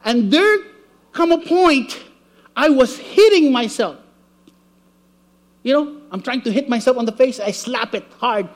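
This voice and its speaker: Preacher, male, higher-pitched voice, lively sermon delivery that acts out the voices in his stories. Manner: animated storytelling, acting out voices.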